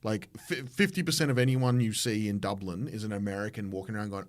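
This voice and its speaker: A man's voice: on the low side, quick pace, few pauses. An Australian man, a comedian hosting a podcast, telling a rambling story in casual chat with lots of restarts. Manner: rambling anecdotes with restarts and mimicked voices.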